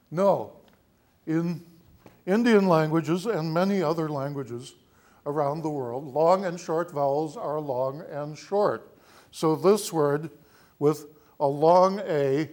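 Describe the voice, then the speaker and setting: A man teaching a lesson, explaining patiently step by step and slowly sounding out words and vowels. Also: on the high side, a little mellow. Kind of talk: spoken lesson.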